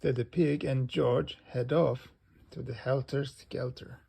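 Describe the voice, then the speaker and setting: A man reading a children's storybook aloud in a slow, gentle way. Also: medium pitch, fairly even intonation, creaky, breathy edge. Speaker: storybook reader.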